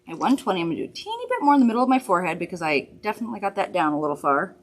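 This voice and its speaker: A woman's voice: mid-range voice, sing-song, rapid-fire. A woman hosting a live makeup demonstration from a studio, chatty, upbeat and reassuring as she works. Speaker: makeup host.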